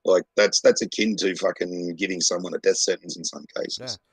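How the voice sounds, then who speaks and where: Profane husky Australian man, low voice. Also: moderate pace, dry recording, poor audio. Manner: blunt, profane, rambling storyteller. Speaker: podcast co-host. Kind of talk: casual chat.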